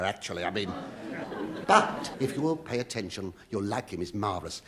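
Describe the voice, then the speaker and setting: A man's voice: on the low side, lively intonation, moderate pace, a crowd in the background. A man hosting a live radio comedy show on a theatre stage, out of breath, flustered and camp, pleading with the audience. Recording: 1970s radio broadcast, loud audience laughter.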